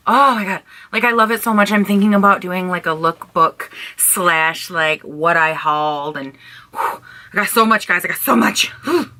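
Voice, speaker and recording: Young woman vlogger, bright tone, chatty and playful, casual talk to camera. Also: fairly low pitch, normal speed. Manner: chatty, animated, playful asides. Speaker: beauty vlogger.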